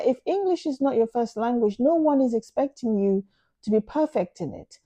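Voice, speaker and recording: A woman's voice: fairly high pitch, warm tone. A woman giving casual advice to her viewers in an earnest, emphatic way, repeating phrases for stress. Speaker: vlogger. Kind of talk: casual advice talk to camera.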